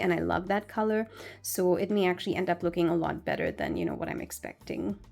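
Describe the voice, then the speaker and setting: A woman's voice: mid-range voice, creaky, a little mellow. A woman vlogger chatting casually through a product review, gushing and full of fillers. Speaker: beauty vlogger.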